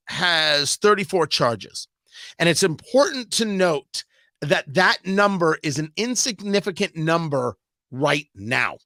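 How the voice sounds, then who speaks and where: Lively, bright-voiced male radio host. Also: sits high, dry recording. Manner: animated, joking, quick asides. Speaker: radio talk show host. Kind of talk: live news commentary.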